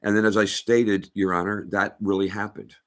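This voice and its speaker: Middle-aged man, very low voice, emphatic halting personal testimony. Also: flat delivery. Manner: halting, emphatic, with many restarts. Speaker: storyteller addressing a rabbi.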